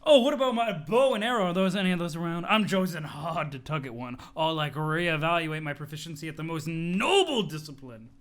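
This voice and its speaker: A brash, muscle-proud young guy, as a male reader puts him on bellows for attention in a high, swooping, bright voice. He commands and brags nonstop and chokes back his own swearing mid-word. It sounds like a storybook reading done with gusto. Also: expressive, fairly quick, few pauses. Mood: giddy. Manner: bellowing, bossy, swallows his own curse words. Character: boastful muscle-obsessed young man, loud and pushy.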